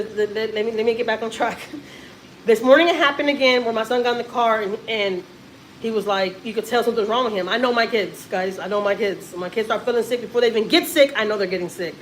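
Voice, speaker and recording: A woman's voice: medium pitch, fast, slight background noise, low-quality recording. A woman in her thirties from Texas, a mother telling a family story in a rambling, emphatic way on a casual live stream.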